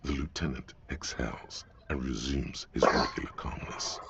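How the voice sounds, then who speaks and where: An actor voicing a brooding male inner narrator in a video game, gravelly and hushed. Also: a bass voice, steady tone, normal speed, very noisy.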